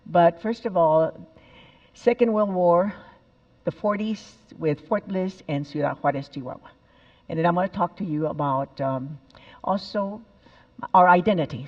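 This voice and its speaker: A woman's voice: low voice, a little mellow, dull audio. A woman in her seventies, from El Paso, giving a storytelling talk and repeating phrases for emphasis. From El Paso, Texas. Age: 70s.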